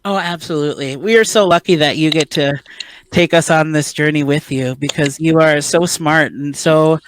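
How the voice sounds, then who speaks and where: A man interviewing guests over a video call, effusive and quick to praise and laugh. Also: fairly high pitch, fairly even intonation, a little hiss or hum, low-quality recording. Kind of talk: casual interview chat.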